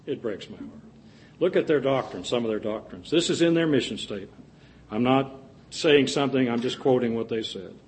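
A man's voice: medium pitch, darkish tone. A male preacher giving an earnest sermon, with folksy jokes and asides to the congregation.

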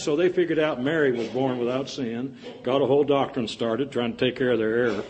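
A male preacher giving an earnest sermon, with folksy jokes and asides to the congregation. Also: a little high.

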